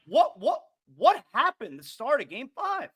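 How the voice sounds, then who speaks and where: A man hosting a sports talk show, chatty and excitable, reading an ad and then questioning a guest. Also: very high voice, unhurried. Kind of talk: casual sports talk with ad read.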